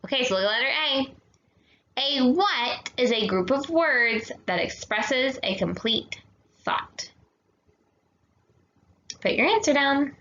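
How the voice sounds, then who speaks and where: A young woman teaching a grammar lesson to kids, talking slowly and patiently, checking in with "okay?" and mixing in Spanish words. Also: high voice, lively intonation, pushed and bright. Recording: echoey dull room sound.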